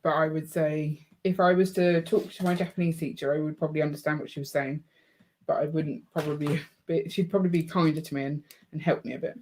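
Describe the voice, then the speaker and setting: Chatty teasing woman, low-ish voice. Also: steady tone, fast. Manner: chatty and teasing, laughs often. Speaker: co-host of a live building stream. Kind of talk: casual chat while building. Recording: faint background noise and clicks.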